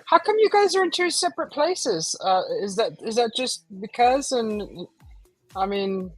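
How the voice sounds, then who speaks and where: A woman hosting a casual live stream chat, talking in a slow, lively way. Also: fairly high pitch, soft background music, low-quality recording. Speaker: host.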